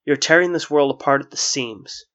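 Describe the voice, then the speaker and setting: Male narrator as playful jester-like guardian, storm underneath, raised and forceful, lo-fi audio. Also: on the high side, moderate pace. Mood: angry. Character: jovial jester-like male watcher with hidden fury.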